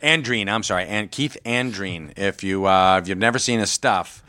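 A man with a low but bright, forward voice co-hosting a casual podcast. He talks in a laid-back, teasing way. The sound is dry and close. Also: fairly quick, smooth, no echo. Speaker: podcast co-host. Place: comic book store.

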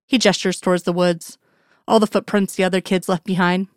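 A woman reading a story aloud in an even, measured narration. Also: fairly low pitch, dry recording, studio quality. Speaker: reader. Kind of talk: storytelling narration of fan fiction.

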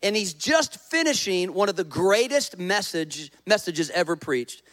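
A man's voice: high voice, very animated, measured pace, a bit bright. A male pastor preaching a conversational sermon, joking with the congregation and acting out voices in his stories. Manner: conversational preaching with jokes and audience prompts; acts out quoted voices in stories.

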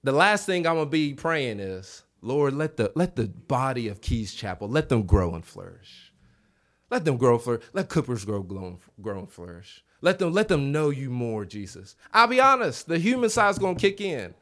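A man preaching a revival sermon in a church, animated, acting out quoted voices and calling on the congregation to answer back. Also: mid-range voice, normal speed. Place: church sanctuary.

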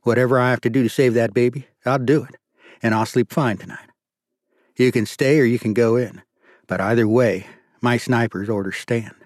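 A hard-nosed police captain speaks bluntly, with a growling, forceful edge, voiced by a male audiobook narrator. His words come out clipped and unyielding. The recording is dry and close. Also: medium pitch, fairly even intonation, normal speed, no room sound, lightly acted. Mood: stern.

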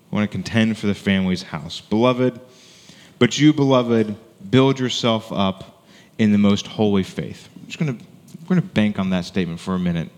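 A man preaching a Sunday sermon in a relaxed, conversational way, often checking in with his listeners with "right?". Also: sits low. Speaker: pastor. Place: church sanctuary. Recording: long hall reverb.

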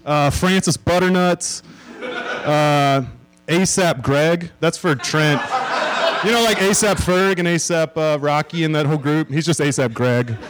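A man guesting on a live comedy podcast, reading joke wrestler names in a deadpan way. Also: on the high side, unhurried, low-quality recording. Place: live show in front of an audience.

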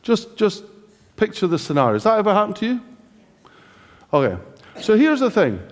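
A man's voice: high-pitched, sing-song, moderate pace. A man with a British accent preaching a sermon in a chatty, joking way, often asking the congregation questions. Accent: British English. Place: church hall. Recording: church hall reverb.

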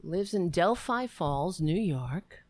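A woman giving casual political commentary, sarcastic and mocking, now and then putting on high voices to mimic others. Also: animated, slow, darkish tone, no room sound.

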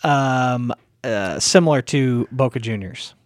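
A man's voice: mid-range voice, slow pace, no room sound, clean studio sound. A man co-hosting a casual chat podcast, explaining things earnestly with frequent restarts. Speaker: podcast co-host.

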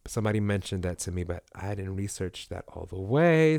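A man's voice: low voice, expressive, a little fast, gravelly, a little mellow, dry recording. A man co-hosting a casual podcast chat, talking in a meandering way full of fillers. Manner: chatty, meandering, lots of fillers. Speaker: podcast co-host.

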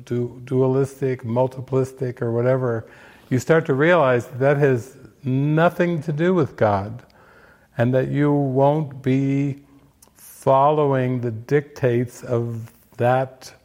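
Slow, halting older male spiritual teacher. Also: mid-range voice, darkish tone. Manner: unhurried, halting, many fillers and restarts. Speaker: spiritual teacher giving movie commentary. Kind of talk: reflective spiritual talk.

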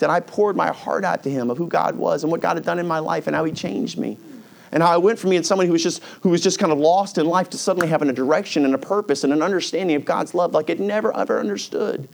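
A middle-aged male pastor delivering a sermon in a fairly high voice. He preaches in an animated way, jumping into the voices of the people he describes. His talk swings from soft and low to loud and pleading. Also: vocal fry. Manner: animated storytelling, acting out voices of people with big pitch swings.

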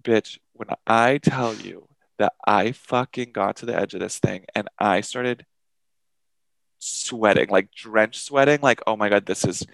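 Gravelly low-voiced man telling a story. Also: slow pace, no echo, low-quality recording. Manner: animated, profane storyteller acting out quotes. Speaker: podcast co-host. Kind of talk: casual storytelling chat.

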